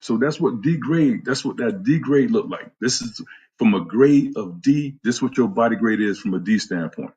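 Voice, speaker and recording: A man's voice: mid-range voice, lively intonation, moderate pace, darkish tone, breathy edge, lo-fi sound. A man who is a fitness trainer, giving a blunt, profane talk on a live stream and greeting viewers by name. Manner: blunt, profane, trash-talking.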